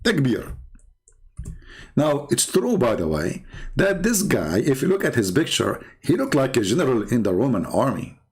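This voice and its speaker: A man tells stories with heavy sarcasm, and his voice swings widely in pitch as he talks. His pitch sits mid-range for a man. His English is casual and broken in places, and he often turns to the listener as "brother". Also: wildly swooping pitch, normal speed, husky. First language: Arabic. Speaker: religious debate channel host. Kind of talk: mocking storytelling commentary.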